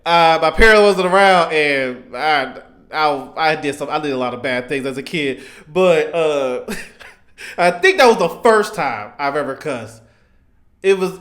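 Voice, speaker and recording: Young male vlogger, high voice, excitable casual storyteller who acts out quotes. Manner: excitable, rambling, quotes characters in raised voice. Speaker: YouTuber reacting to anime.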